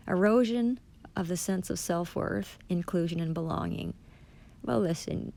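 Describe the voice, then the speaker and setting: A woman in an angry, profane monologue, reading passages aloud and firing back sarcastic accusations. Her voice has a gravelly rasp. Her pitch sits in a middle register for a woman. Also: darkish tone. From Canada. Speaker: vlogger reading and rebutting a policy document.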